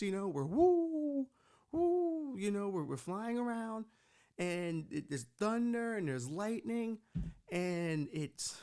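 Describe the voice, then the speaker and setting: A young podcast host from Bushwick with a raspy, gravelly edge. His voice sits a bit high for a man, and he jumps between bits and profane asides in a rambling, animated comic style. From Puerto Rican from Bushwick, New York. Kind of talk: comedic podcast rant.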